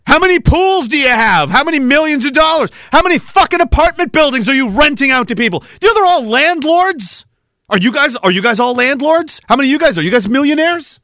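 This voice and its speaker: Man hosting, angry sarcastic rant, bright lively voice, dry close sound. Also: extremely high pitch, brisk, no room sound. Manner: heated, sarcastic, swears often. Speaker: podcast host.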